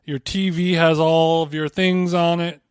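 A man with a fairly high voice trades jokes with his co-host in loose podcast banter, often wandering off into long tangents. The sound is close and dry, with no room around it. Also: level tone, measured pace, clear, resonant tone, no room sound. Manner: joking, rambling tangents. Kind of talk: casual banter.

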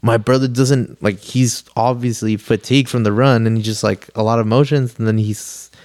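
A man's voice: mid-range voice, fairly even intonation, normal speed, darkish tone, no room sound. A young man, a podcast guest, telling a story in a rambling, casual way, full of "like" and swearing. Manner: rambling, heavy use of "like", swears freely.

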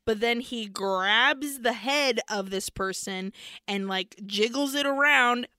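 A young adult woman co-hosting a podcast, retelling a horror film scene by scene in a lively, profane way. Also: a little high, slow, clean tone, no room sound, clean studio sound. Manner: profane, lively storytelling with quoted voices. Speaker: podcast co-host. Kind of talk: casual film recap chat.

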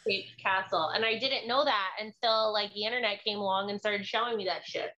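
A woman's voice: medium pitch, fairly even intonation, brisk, bright, forceful tone, muffled recording. A woman co-hosting a casual podcast chat, rambling and often cutting herself off mid-story. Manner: rambling, self-interrupting storyteller. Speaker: podcast co-host.

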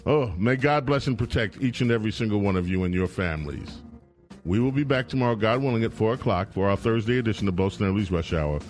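A man's voice: fairly low pitch, darkish tone. Upbeat male radio talk host. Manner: upbeat, playful announcer patter. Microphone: studio microphone.

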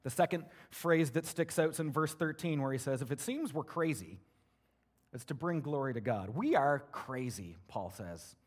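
A man preaching a sermon as a pastor, in an energetic, conversational way full of rhetorical questions. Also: a little high, normal speed.

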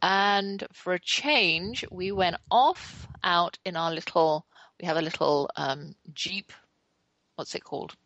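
A middle-aged woman hosts her show in a chatty, anecdotal way, poking fun at herself as she goes. Her voice sits fairly low and has a gravelly edge. The recording is dry and close, with no room sound. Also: slow pace, fairly bright tone, no echo, highs cut off. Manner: chatty, anecdotal, self-deprecating. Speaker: podcast host. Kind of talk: casual storytelling monologue.

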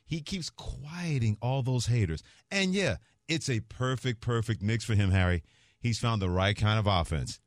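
A man co-hosting a sports talk radio show in a studio, talking in a jokey, quick patter. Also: medium pitch, animated, no room sound.

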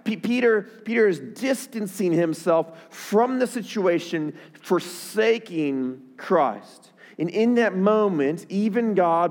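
A man preaching a sermon, often repeating words and rising in pitch and volume as he presses a point. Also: animated, takes it slowly, few pauses, a little mellow, big-room sound. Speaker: pastor.

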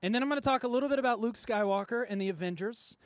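A worship pastor from Texas gives a chatty, self-deprecating sermon to a church congregation, with many fillers and frequent laughs. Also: male voice, very high-pitched, racing, dry recording. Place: church service before a congregation.

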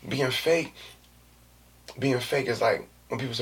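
A vlogger in his thirties delivers a casual monologue in a mid-range voice at a moderate pace, captured on a distant mic with slight background noise. He's loose, slangy and animated, sometimes dropping to a whisper or slipping into jokey put-on voices.

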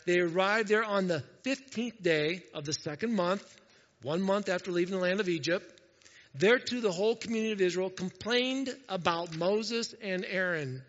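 A man giving a casual Bible teaching, conversational and animated, often asking his listeners questions. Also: sits high. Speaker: pastor. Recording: dull sound with long reverb.

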